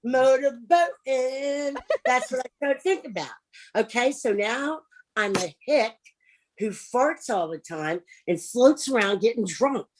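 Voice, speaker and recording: A brash, foul-mouthed woman rambles through an improvised stand-up set, her fairly high voice leaping all over the place. She lurches from shouted outbursts to muttered asides. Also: measured pace, breathy edge. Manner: animated, swings from loud outbursts to mutters. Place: home, over a livestream.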